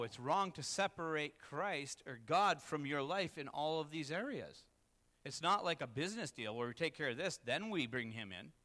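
A man's voice: a little high, bright, forceful tone. Man preaching a candid sermon in a hall. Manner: candid, confessional, rises to emphatic peaks. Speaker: pastor. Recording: long reverb in a hall.

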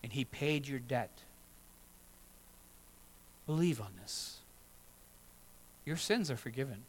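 Expressive and husky, a middle-aged pastor delivers his sermon slowly at an ordinary middle pitch. His manner is earnest yet conversational, with brief acted-out asides, and the audio quality is poor.

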